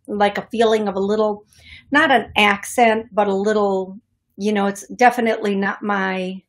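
A woman hosting a call-in radio show as a psychic medium, effusive and affectionate, calling her callers "love.". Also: medium pitch.

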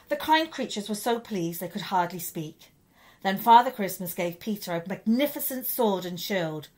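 Woman reading a children's story aloud. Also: medium pitch. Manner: expressive, lively storytelling. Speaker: primary school teacher.

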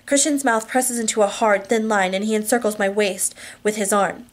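A woman's voice: medium pitch, fairly even intonation, normal speed. A woman reading a romance novel aloud, with frequent restarts and slips. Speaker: audiobook reader.

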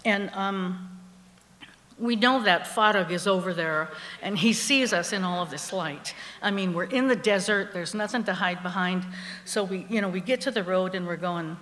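A woman's voice: medium pitch, normal speed, fairly bright tone. Wry woman storyteller in a reverberant theater. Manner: conversational and wry, laughing along with the story. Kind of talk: live stage storytelling. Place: theater stage before a live audience. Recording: long hall reverb from a live theater.

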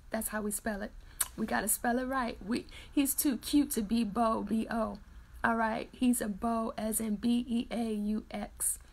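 A woman hosting a morning Bible-reading livestream, chatting casually and reading out viewer comments, laughing often. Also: on the high side. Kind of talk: casual chat with live viewers.

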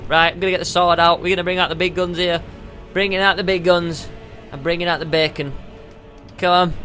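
A man giving excitable let's play commentary, yelping and tossing out goofy exclamations. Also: a little high, moderate pace, soft background music. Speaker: gamer.

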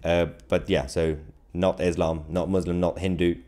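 A man's voice: low voice, level tone, moderate pace, a little mellow. A man hosting a political live stream, chatting casually and jokily as he reads viewer comments, with frequent chuckles and rambling asides. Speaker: political livestream host.

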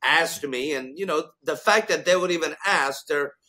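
A man with a bright, sharp-edged voice sitting slightly high hosts a faith talk show. He questions his guest and then turns fervent, declaring what he believes is being spoken. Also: moderate pace. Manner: fervent, declaring prophetic words. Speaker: show host.

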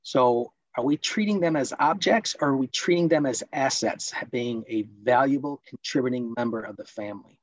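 A man presenting a parenting workshop online, explaining points and acting out scolding parents in quick role-plays. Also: mid-range voice, no room sound, rough recording.

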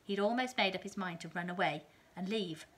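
A woman reading a children's novel aloud in a calm, steady storytelling manner. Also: fairly low pitch, a little fast.

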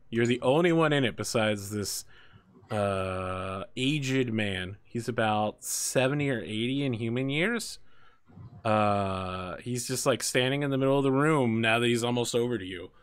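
Male game master, bright voice, casual narration with ums. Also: medium pitch. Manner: casual, descriptive, with filler words.

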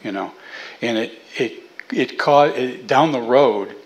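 A middle-aged man speaking casually to a church audience in a relaxed, folksy way. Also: medium pitch, slow pace, rough recording. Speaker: guest speaker.

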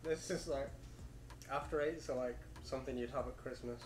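A man's voice: medium pitch, fairly even intonation, moderate pace. A young British man chatting casually during a snack taste test, laid-back with dry remarks. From United Kingdom. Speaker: co-host. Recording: echoey room with background noise.

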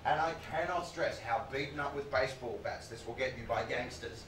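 A male comedian telling a story live on stage, with an animated, punchy delivery and sudden loud outbursts. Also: medium pitch, brisk. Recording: echoey, distant, noisy room mic.

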